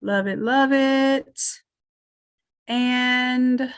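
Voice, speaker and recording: A woman's voice: sits high, steady tone, drawn-out words, clean tone. A woman teaching a live online design class, chatty and thinking aloud as she works through each step. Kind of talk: live screen-share tutorial.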